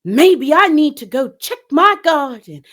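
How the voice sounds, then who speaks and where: A woman voicing Redfish, a fretful puppet fish in a tabletop game, who wails in a high, dramatic voice. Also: sing-song, measured pace, fairly bright tone, exaggerated voice. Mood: distressed.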